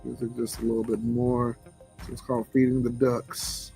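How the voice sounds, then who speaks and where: A man's voice: medium pitch, completely flat delivery, normal speed, vocal fry, mellow. A man with a Southern drawl hosting a casual livestream chat, laid-back and chuckling as he greets viewers. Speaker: livestream host. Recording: faint background music.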